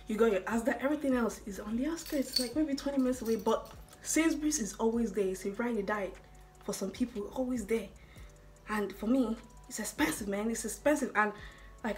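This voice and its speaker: A young woman from Ireland with an American-sounding accent, chatting casually in a Q&A vlog and rambling with lots of asides to her viewers. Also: mid-range voice. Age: young adult. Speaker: student vlogger.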